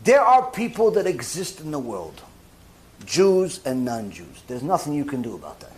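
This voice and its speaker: A man, a rabbi, giving a lively sermon and acting out little scenes with mock dialogue. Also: a little high, moderate pace. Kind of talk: sermon lecture.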